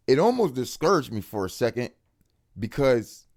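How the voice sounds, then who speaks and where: A man giving an excited, casual faith testimony to camera, full of street slang and repeated words for emphasis. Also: mid-range voice, moderate pace. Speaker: religious video speaker.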